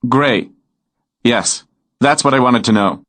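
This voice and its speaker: A man voicing a curious American writer with a wry, relaxed manner and an American accent. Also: medium pitch, slow.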